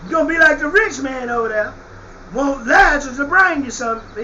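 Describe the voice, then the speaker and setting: Fiery high-voiced preacher man. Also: animated, fairly quick, lo-fi sound, a little hiss or hum. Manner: fiery, shouts scripture, drops into slangy asides. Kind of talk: sermon on scripture.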